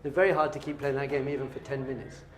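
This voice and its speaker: A middle-aged man, teaching a lively class as a rabbi and quizzing his students with playful questions. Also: mid-range voice, fast talker. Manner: animated, playful, quizzing the audience.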